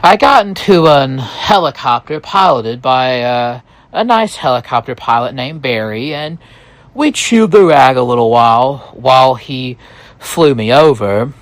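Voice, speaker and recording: A man narrating a story in the first person, relaxed and slow, with hesitant restarts. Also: mid-range voice, no echo.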